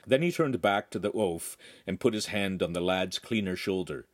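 A man narrating a young adult novel in an expressive storytelling manner. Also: deep voice, normal speed, hardly any pauses. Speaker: audiobook narrator. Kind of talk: scripted narration.

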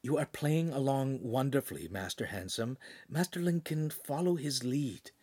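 A man voicing a calm, formal artificial intelligence speaking softly. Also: medium pitch, normal speed, slightly rough, no echo, voice pushed up. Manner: formal, soft-spoken. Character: calm, formal whispering AI companion.

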